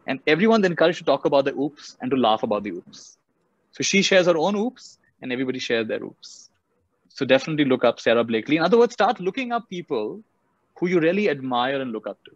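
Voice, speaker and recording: Male speaker with Indian English accent, quick animated storytelling talk; muffled recording. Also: medium pitch, no echo. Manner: animated, acts out characters. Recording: dull muffled audio.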